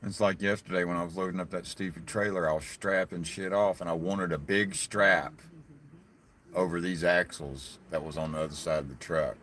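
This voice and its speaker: Deep-voiced cussing Southern man. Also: fairly even intonation, moderate pace, a bit bright, slight background noise. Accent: Southern US hillbilly. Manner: profane, blunt, rambling. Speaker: livestreaming vlogger. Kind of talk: casual live-stream chat.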